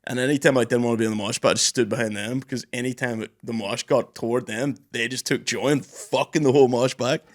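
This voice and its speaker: A young man, co-hosting a podcast in a studio and telling stories in lively casual chat, swearing freely. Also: mid-range voice, quick pace, few pauses, dry recording. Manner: animated storyteller, swears freely, does loud voices. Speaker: podcast co-host.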